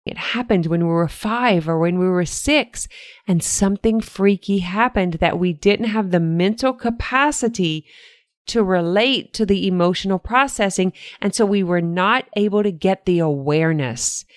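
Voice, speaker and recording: A woman's voice: mid-range voice, moderate pace, no echo, clean studio sound. An older woman hosting a solo podcast, talking in an earnest, encouraging way with repeated motivational phrases. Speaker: podcast host.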